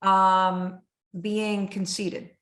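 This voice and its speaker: A woman's voice: medium pitch, very slow. Frank, emphatic middle-aged woman host. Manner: emphatic, animated, frank with swearing. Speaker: podcast host. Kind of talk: candid conversational interview. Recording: roomy echo.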